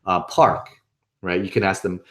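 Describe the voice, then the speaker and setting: Low-pitched and steady in tone, the man moves at a moderate pace while presenting a webinar. He keeps things light and upbeat, checking in with listeners again and again with "right?" in a casual teaching style.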